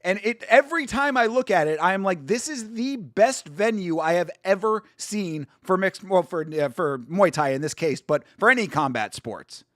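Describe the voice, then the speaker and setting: A young man hosting a casual live watch-along stream, chatty and excitable, full of slang and swearing. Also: sits high, normal speed, hardly any pauses, no echo, studio quality. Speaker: stream host.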